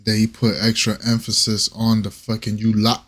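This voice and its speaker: A man's voice: on the low side, completely flat delivery, moderate pace, fairly bright tone, faint music behind. A man hosting a reaction video, talking in a casual, rambling way with lots of slang, swearing and stammered restarts.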